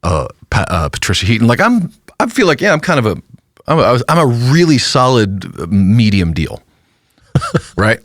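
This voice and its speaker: A man, a pastor co-hosting a podcast, telling a self-deprecating story in casual chat with halting restarts. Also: medium pitch, very animated, no room sound, clean studio sound.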